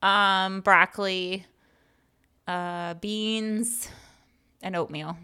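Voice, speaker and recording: Young female co-host, casual banter, laughs a lot, mid-range pitch. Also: fairly even intonation, drawn-out words, pushed and bright, smooth. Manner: laughs often, teasing. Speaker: podcast co-host. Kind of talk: casual chat.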